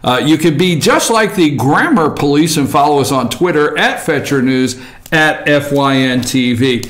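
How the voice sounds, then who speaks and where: A man's voice: fairly high pitch, animated, normal speed, a bit bright. A man hosting a talk show, giving opinionated political commentary in a sarcastic, rambling way with many fillers.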